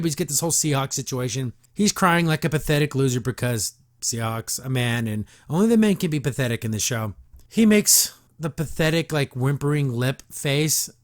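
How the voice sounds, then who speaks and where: A man with a voice a bit higher than most men's picks apart a cartoon episode in casual podcast commentary. He sounds sarcastic and exasperated and mocks what he is watching. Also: animated, a little fast.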